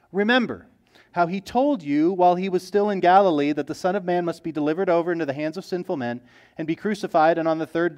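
Conversational man preaching a sermon. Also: a little high. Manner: conversational, animated, acts out quoted voices. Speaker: pastor.

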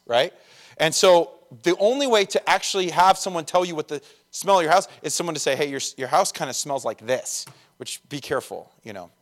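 A young man preaching a conversational sermon, chatty and joking at his own expense, with lots of "like" and "right?". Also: fairly high pitch. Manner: chatty, jokey, self-deprecating, lots of fillers. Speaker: pastor.

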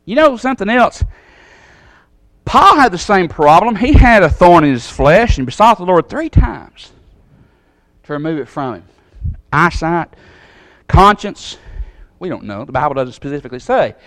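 A man preaching a sermon in a Southern American accent, folksy and animated, acting out the voices he quotes. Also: high-pitched, moderate pace, long pauses, no echo. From Southern United States.

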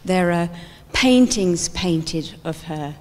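A woman giving a sermon-like talk at a church event, telling stories in an animated way and acting out scenes. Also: on the low side, slow. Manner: animated storytelling, acts out scenes. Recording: long hall reverb.

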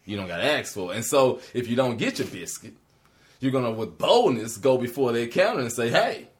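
Male co-host, casual faith talk, very expressive pitch, laughs often, preachy. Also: fairly quick.

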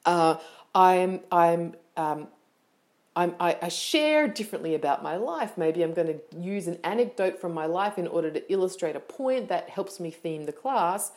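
A young woman, a yoga teacher hosting a solo podcast, talking in a lively, animated way with quick asides. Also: fairly low pitch.

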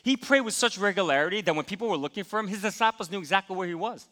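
A man's voice: sits high, lively intonation, rapid-fire, pushed and bright, big-room sound. A man preaching a sermon as pastor, telling a personal story and acting out his own thoughts.

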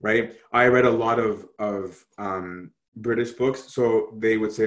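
A man's voice: lowish voice, fairly even intonation, a little slow. A man teaching an Orthodox Christian class over a video call, talking casually and asking many rhetorical questions.

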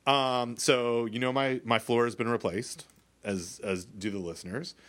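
A man's voice: mid-range voice, fairly even intonation, unhurried, a bit bright. Rambling, stammering man chatting casually. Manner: rambling, self-interrupting, playful. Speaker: podcast co-host. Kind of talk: casual chat. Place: office.

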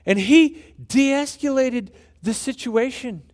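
A man preaching a sermon, telling a story with humor and building to emphatic points. His voice sits high for a man. His delivery is animated and earnest. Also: slow pace. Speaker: pastor.

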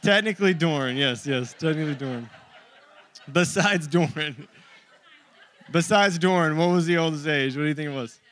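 A man's voice: a little high, normal speed, long pauses, a bit bright. A man in his thirties preaching a sermon to his church, conversational and joking with the congregation. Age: 30s. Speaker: pastor.

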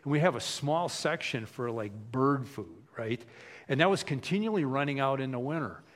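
Chatty preacher, animated storytelling. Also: male voice, medium pitch, normal speed. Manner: conversational, animated, acts out quoted voices. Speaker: pastor. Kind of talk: casual sermon.

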